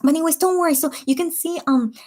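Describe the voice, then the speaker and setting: A woman's voice: extremely high pitch, quick pace, darkish tone. A young woman hosting a late-night livestream, chatting casually as she reads out and answers viewer comments, full of fillers and restarts. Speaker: livestream host reading chat. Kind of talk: casual chat.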